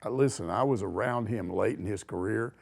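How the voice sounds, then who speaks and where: An older man, hosting a sports talk show and telling a story in an animated way. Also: lowish voice, fairly quick, gravelly. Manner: animated, acts out quotes with voice shifts. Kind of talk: casual storytelling chat.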